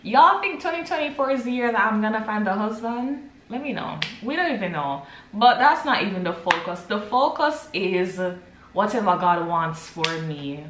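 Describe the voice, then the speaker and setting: A woman's voice: mid-range voice, expressive, normal speed, background noise. A young Jamaican woman chatting casually to her vlog audience at home, switching between patois and English. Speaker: vlogger. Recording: roomy echo.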